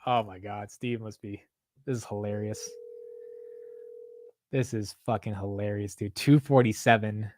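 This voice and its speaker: A man hosting a live stock market stream, talking excitedly and profanely straight to his chat. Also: fairly low pitch, unhurried, pauses often, slight background noise. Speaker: stock market livestream host. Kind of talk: casual live market commentary.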